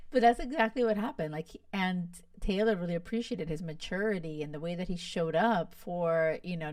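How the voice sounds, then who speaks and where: A woman's voice: fairly low pitch, a little mellow, no echo, studio quality, distant mic. A young woman hosting a podcast, chatting casually and gushing about a reality show, full of "like" and "you guys.". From Miami. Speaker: podcast host. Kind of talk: casual chat.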